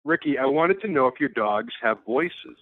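A man's voice: medium pitch, expressive, moderate pace, no echo. A man calling in to a casual show over the phone, playful and chuckling. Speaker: caller. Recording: dry tinny phone line.

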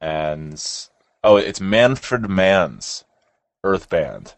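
A man's voice: sits low, sing-song, drawn-out words, gravelly, dry recording. A young man chatting casually as co-host, rambling, laughing and swearing now and then. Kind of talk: casual chat.

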